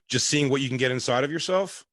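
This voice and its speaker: A man riffs through crude, casual comedy talk on a podcast, his voice sitting at an ordinary middle pitch. He keeps breaking into quick laughs, and the sound is dry and close with no room around it. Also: a bit bright, no echo. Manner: riffing, quick bursts of laughter.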